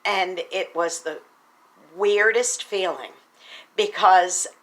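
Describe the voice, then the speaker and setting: A woman's voice: fairly low pitch, takes it slowly, a bit bright. An American woman telling a personal story to her viewers, earnest and patriotic, speaking to them directly. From United States. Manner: earnest and patriotic, addresses viewers as boys and girls. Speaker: vlogger and speaker.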